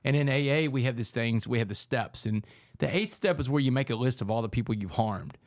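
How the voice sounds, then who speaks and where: A man, a guest on a podcast, telling his life story in a lively, animated way and often saying "man". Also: medium pitch, fairly quick, dry recording, clean studio sound. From Texas, United States. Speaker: podcast guest, author and speaker. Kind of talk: storytelling in a casual podcast interview.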